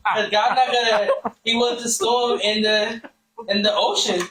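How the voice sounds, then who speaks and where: High-voiced joking male co-host. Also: flat delivery, fairly bright tone, roomy sound, far from the mic, a little hiss or hum, low-quality recording. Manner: quick joking interjections. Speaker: podcast co-host. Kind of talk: casual comedic podcast chat.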